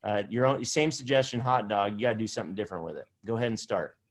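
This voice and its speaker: A man's voice: fairly low pitch, lively intonation, quick pace. A man teaching an improv class over a video call, encouraging and casual, with many fillers. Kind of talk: online class instruction.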